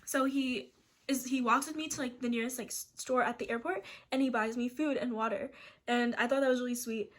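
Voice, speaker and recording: A woman's voice: fairly high pitch, steady tone, a little fast. A young woman from Seattle telling a story to camera in casual storytime style, rambling with lots of "like" and restarts. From Seattle, USA. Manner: rambling, full of "like" fillers and restarts. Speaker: vlogger.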